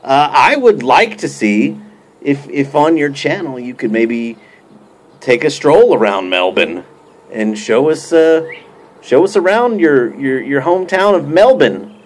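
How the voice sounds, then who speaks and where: Rambling, lively man roasting jokingly. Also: a little high, unhurried. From United States. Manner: rambling, many fillers and restarts; joking, mock-indignant. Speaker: YouTube pipe-smoking vlogger. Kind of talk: casual mock roast to camera.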